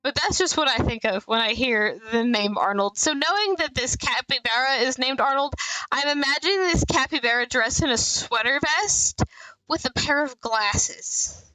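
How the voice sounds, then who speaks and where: A woman's voice: high-pitched, normal speed, sharp tone, no echo, rough recording. A woman streamer chatting and rambling in asides while playing a story game live.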